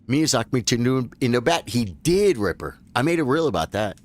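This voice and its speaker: A man's voice: mid-range voice, big pitch swings, a little fast. A man giving casual live commentary as he plays a video game, talking to his viewers as bro and folks. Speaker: gaming streamer.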